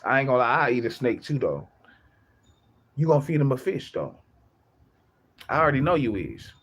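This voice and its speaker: A man's voice: mid-range voice, husky. A young man chatting casually on his livestream, rambling, repeating himself and laughing often.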